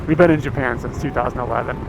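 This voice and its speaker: American guy in his 30s rambling to stream chat from a car, gravelly voice, road noise behind. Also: medium pitch, fairly even intonation, racing. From United States. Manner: rambling, laid-back, laughs often. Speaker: livestream host. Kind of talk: casual chat with stream viewers. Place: inside a moving car on a road.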